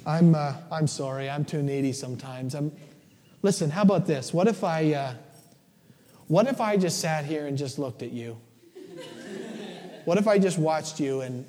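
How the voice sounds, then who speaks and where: A man's voice: on the high side, moderate pace, warm tone, natural voice. A man voicing his eager, needy female pet dog, gushing and pleading, recorded with a long church reverb. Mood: apologetic.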